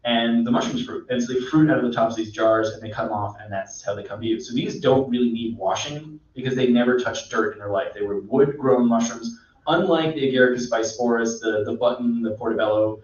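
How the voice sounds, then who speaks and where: A man's voice: mid-range voice, brisk. Man explaining mushrooms, echoey and distant. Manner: relaxed, rambling teacher with many fillers. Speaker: mycologist guest. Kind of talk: casual explanatory chat. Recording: echoey, distant, dull sound.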